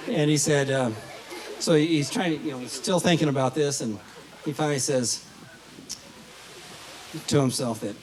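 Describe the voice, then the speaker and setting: A man giving a folksy, halting wedding toast at a reception, telling a joke with many fillers. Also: fairly high pitch, some chatter behind, slight background noise, rough recording. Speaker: wedding toast speaker, family of the bride.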